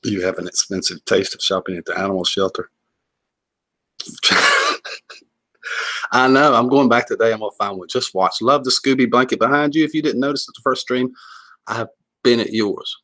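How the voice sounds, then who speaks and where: A man's voice: medium pitch, quick pace, fairly bright tone. A man hosting a casual livestream, joking, laughing often and rambling as he greets viewers and reads comments. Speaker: livestream host.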